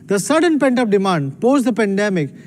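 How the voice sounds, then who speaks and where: A man gives a scripted company keynote with proud emphasis. His voice is high for a man. Faint ambient noise sits behind him. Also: sing-song, fairly quick, a little mellow. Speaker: company executive.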